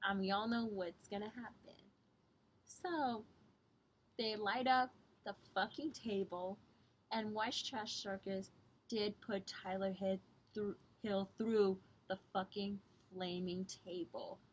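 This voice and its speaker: A woman's voice: fairly even intonation, slow pace, highs cut off. A young woman from Southern Ontario giving a rambling, profane review of a wrestling show, keeping her voice down so she doesn't wake the house. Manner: talks low to avoid waking others. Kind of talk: casual vlog review.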